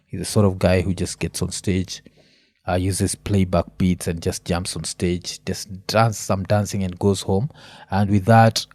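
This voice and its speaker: A man's voice: low voice, no echo. A Kenyan man hosting his own podcast, talking through the week's news in a loose, rambling rant full of ums and uhs. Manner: relaxed rambling rant with many fillers. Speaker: podcast host. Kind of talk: solo podcast commentary.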